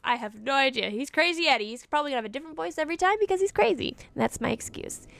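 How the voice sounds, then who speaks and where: Playful high-voiced woman gamer. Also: expressive, rapid-fire, gravelly, few pauses. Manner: playful, jokey asides. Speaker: gaming YouTuber. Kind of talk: playing and voicing a visual novel.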